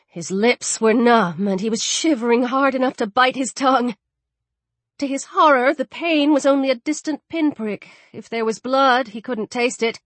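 A woman's voice: fairly high pitch, moderate pace, fairly bright tone, no room sound. A woman narrating a story in a tense, dramatic reading. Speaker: audiobook narrator. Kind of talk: scripted narration.

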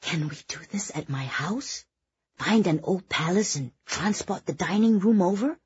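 A woman's voice: mid-range voice, animated, normal speed, darkish tone, husky, no echo, highs cut off, voice pushed up. A woman doing a brash whispering social climber. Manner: whispering, eager.

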